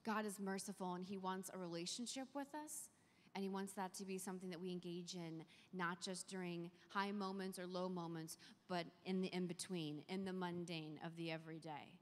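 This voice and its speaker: A young adult woman giving a faith talk to a youth audience, telling a personal story in a lively, earnest way. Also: lowish voice, moderate pace. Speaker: conference speaker. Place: large conference hall. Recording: long hall reverb from a large venue.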